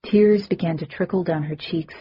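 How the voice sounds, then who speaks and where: Woman narrator, first-person audiobook, lowish husky voice, calm, slightly muffled audio. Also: moderate pace. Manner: calm, even storytelling.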